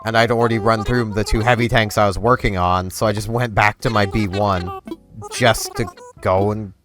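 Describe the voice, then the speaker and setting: Low-voiced man rambling over gameplay. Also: steady tone, normal speed. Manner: rambling, loose, filler-heavy. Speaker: gaming channel host. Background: game music.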